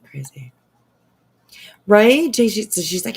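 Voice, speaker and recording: A woman streamer giving chatty, sarcastic commentary on online drama, with drawn-out exclamations and casual swearing. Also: lowish voice, sing-song, creaky, a little mellow, breathy edge. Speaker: live streamer.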